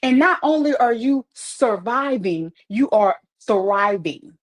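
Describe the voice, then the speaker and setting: A woman hosts a motivational live-stream chat, taking it slowly as she answers viewer comments in a voice that's on the high side and expressive. Using a wireless earpiece, she offers upbeat encouragement and often repeats phrases to emphasize them.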